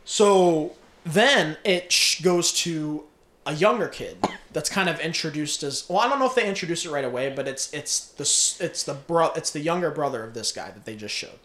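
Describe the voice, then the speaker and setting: A young man with a slightly high voice recaps a movie plot at normal speed, swearing freely and laughing often. His storytelling is casual and animated, and the recording has a roomy echo.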